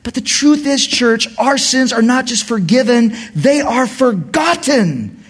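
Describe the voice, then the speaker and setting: A middle-aged man preaching a sermon in church, swinging from quiet asides to shouted emphasis. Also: very high voice, animated, unhurried, breathy edge. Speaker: pastor.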